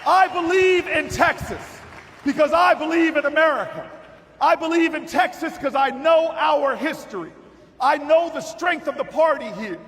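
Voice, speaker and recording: Guy with a really high voice yelling a political rally speech, tells a story then builds up, big echoey hall, crowd in the back. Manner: storytelling, building to shouted repeated calls. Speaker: political speaker at a party convention. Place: large convention hall with audience.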